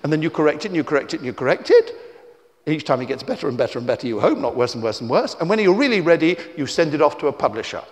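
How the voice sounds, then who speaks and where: A children's author tells stories live to young listeners in a theatrical, teasing style, swinging between shouts and hushed asides. His voice is on the high side, sing-song and racing, picked up by a tie-clip mic in a reverberant hall at an indoor festival venue.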